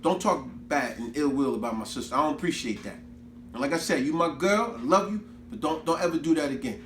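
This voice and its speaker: A man voicing a feisty, fiercely loyal young woman who talks loud, indignant and slangy. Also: on the high side, fairly quick, close to an everyday voice. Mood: firmly protective. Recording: roomy echo, faint background noise.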